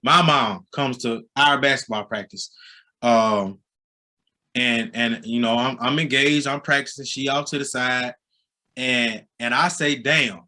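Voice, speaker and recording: A man in his forties, a high school basketball coach with a Southern American accent, telling stories in a casual interview and getting loud and animated as he goes. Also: unhurried. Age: 40s. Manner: storytelling, gets loud and animated when excited.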